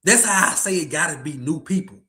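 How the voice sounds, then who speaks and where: A man's voice: fairly high pitch, expressive, fairly quick, sharp tone. A man hosting a casual sports podcast, ranting in slangy talk and repeating himself. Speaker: podcast host.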